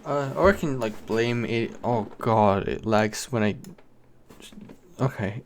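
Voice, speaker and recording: A man's voice: mid-range voice, takes it slowly, a little hiss or hum. A young British man hosting a solo podcast, rambling casually with lots of swearing and self-mockery. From Britain. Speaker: podcast host.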